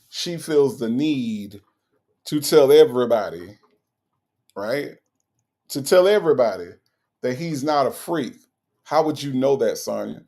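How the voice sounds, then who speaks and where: A man's voice: fairly high pitch, vocal fry, a little mellow. A man hosting a live stream, reacting to a case and reading viewer comments in a blunt, mocking, repetitive way.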